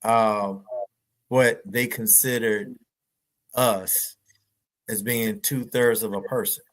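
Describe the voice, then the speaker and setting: A man co-hosts a casual livestream talk. His voice sits low, and he mostly agrees with the host and chimes in. He speaks at an easy, conversational pace. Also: steady tone, slow pace, a little hiss or hum. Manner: agreeable, chiming in.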